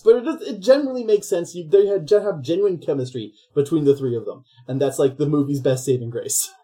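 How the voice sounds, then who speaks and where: A podcast host retelling a film plot in a loose, rambling way, stopping often to act out the characters. The voice is mellow and dark, and the pitch sits in the middle range. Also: quick pace, hardly any pauses. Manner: rambling, animated storytelling with voices. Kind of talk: casual comedic film recap.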